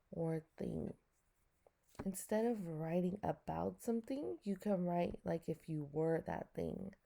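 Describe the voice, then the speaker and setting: A woman's voice: on the low side, gravelly, warm tone. A woman teacher giving a recorded lesson to her students, explaining patiently step by step and asking them questions.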